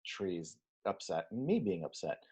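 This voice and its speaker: A man's voice: deep voice, big pitch swings, measured pace, mellow, husky. A man co-hosting a podcast in casual chat, enthusiastic, stumbling over restarts, swearing and laughing. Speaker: podcast co-host.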